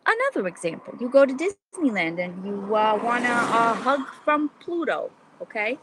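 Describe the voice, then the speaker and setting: A woman's voice: a little high, very animated, moderate pace, noisy background. A middle-aged woman hosting a casual comedic vlog, chatty and theatrical, with many fillers and restarts, talking from an outdoor lunch spot. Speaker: self-styled advice host.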